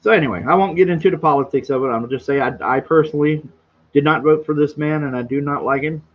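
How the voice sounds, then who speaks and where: A man hosting a casual livestream and reading out chat, rambling and boisterous, with a slightly hoarse throat. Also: a little high, fast, lo-fi sound. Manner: rambling, boisterous, self-deprecating.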